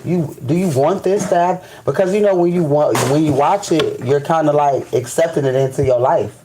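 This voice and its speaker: A man's voice: on the high side, moderate pace, noisy background. A man hosting a spiritual live stream, ranting in casual, profane speech and repeating "you know what I'm saying.". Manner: restarts and stammers when fired up.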